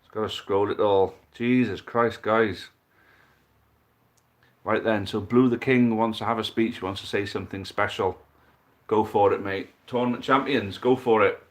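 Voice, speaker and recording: A man commentating a football dice game live for a stream, building excitement at big moments and chatting to viewers as mates. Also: on the low side, normal speed.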